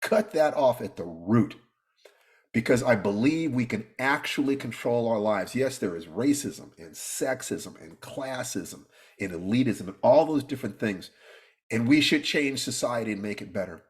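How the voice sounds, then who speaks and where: Middle-aged man, motivational talk to students, earnest, repeats words, mid pitch. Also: expressive, moderate pace. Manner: earnest, pleading, repeats himself. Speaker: teacher addressing his students.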